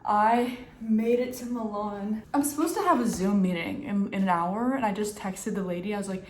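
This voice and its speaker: A young woman in her twenties chatting casually to camera in a vlog, self-mocking and often dropping into soft asides. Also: mid-range voice, moderate pace, few pauses, a little hiss or hum. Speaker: vlogger. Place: on the move, home, train and hotel room.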